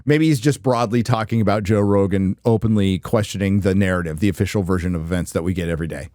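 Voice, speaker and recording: A man's voice: sits low, fast, a little mellow, no echo, clean studio sound. A man hosting a livestream reaction show, chatting casually with a sarcastic, joking edge. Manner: joking, sarcastic, laughs often.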